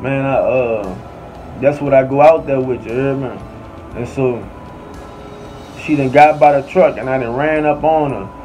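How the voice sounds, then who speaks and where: A man's voice: mid-range voice, a little slow, long pauses, a little mellow, faint music behind. A man with a New Orleans accent telling a story casually, full of slang and constantly asking "you hear me". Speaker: podcast storyteller. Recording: slightly dull audio with faint air conditioning hum.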